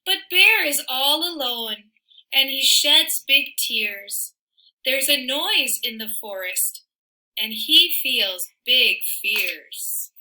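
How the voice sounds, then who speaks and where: A woman reading a children's picture book aloud in an expressive, sing-song way, with soft asides to the listener. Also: high-pitched, slow, low-quality recording. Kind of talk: read-aloud storytelling for children.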